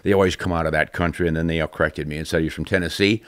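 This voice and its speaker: An older man hosting a podcast in casual chat, self-deprecating and quick to laugh. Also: very deep voice, steady tone, a bit bright, smooth, dry recording. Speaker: podcast host.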